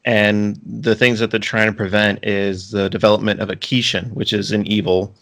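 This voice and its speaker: A man's voice: on the low side, little pitch movement, moderate pace, gravelly, fairly bright tone. A man co-hosting a podcast, chatting casually and rambling with frequent restarts and filler words. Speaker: podcast co-host. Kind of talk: casual chat.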